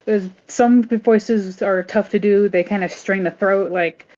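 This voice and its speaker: Low, monotone woman on a stream through a dull lo-fi mic. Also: measured pace. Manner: relaxed, tells stories about herself. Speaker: voice actor and stream cast member. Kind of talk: casual livestream chat.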